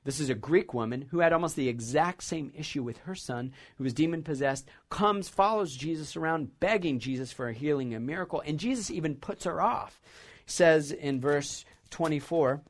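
A man's voice: a little high, lively intonation, normal speed. Man preaching a reflective sermon. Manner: reflective, retells scripture as a story. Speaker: pastor.

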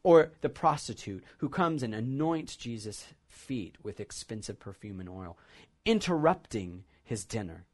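A man at a middle pitch delivers a sermon. He retells a scripture scene as a story and stops to reflect on what it means for his listeners. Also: animated, a little slow. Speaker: pastor.

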